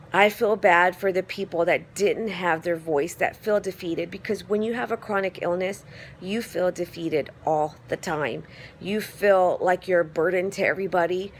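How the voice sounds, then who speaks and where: A woman giving a casual phone vlog update, telling her story in a rambling way with lots of fillers. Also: lowish voice. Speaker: vlogger.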